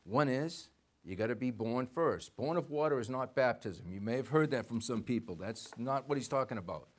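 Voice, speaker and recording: This is a man preaching in a church sanctuary, his tone lively and conversational, his pitch medium and his speed normal. He dramatizes short exchanges of dialogue and directs questions to the congregation.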